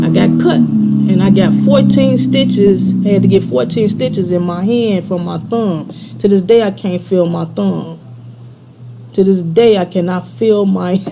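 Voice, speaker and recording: A woman's voice: on the low side, mellow, slight background noise. A woman casually telling a personal story in slangy, laid-back talk, chuckling now and then.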